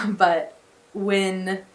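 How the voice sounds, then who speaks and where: A young woman from the United States chatting casually and cheerfully to her camera in a small attic bedroom, with quick laughs. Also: medium pitch, flat delivery, roomy sound. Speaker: exchange student vlogger. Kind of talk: casual vlog chat. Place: small attic bedroom with slanted ceiling and beams.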